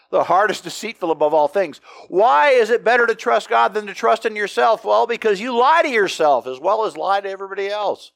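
A middle-aged pastor from the United States preaching a conversational, emphatic sermon full of rhetorical questions. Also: male voice, high-pitched, lively intonation, brisk, creaky, fairly bright tone, no echo.

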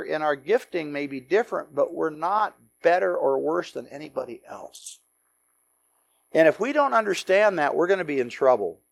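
Man, Bible teacher, high voice, lively storytelling with jokes. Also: creaky. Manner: animated storytelling with acted-out quotes and joking asides.

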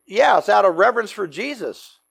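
A man teaching a Bible study, telling the stories in a lively way, acting out the quotes and adding joking asides. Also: high-pitched, a little fast, vocal fry, slightly rough. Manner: animated storytelling with acted-out quotes and joking asides.

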